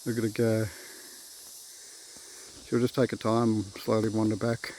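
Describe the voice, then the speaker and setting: Outdoors by a creek, a vlogger speaks casually into his phone camera, wandering off topic and addressing his dogs. His voice is on the low side, level and a little slow, with faint outdoor background noise and nature sounds in the recording.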